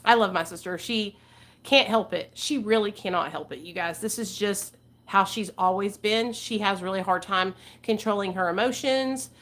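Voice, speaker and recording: A woman's voice: mid-range voice, moderate pace, a bit bright. A woman in her forties hosting a casual livestream chat, talking candidly and rambling, swearing freely. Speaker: channel host.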